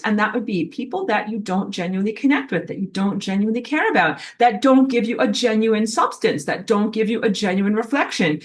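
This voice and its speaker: A woman's voice: medium pitch, lively intonation, a little fast, few pauses. A woman giving a casual, rambling spiritual talk from home, full of fillers like "like" and "um". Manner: rambling, heavy use of fillers like "like" and "um". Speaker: spiritual teacher. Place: indoors at home, in an apartment.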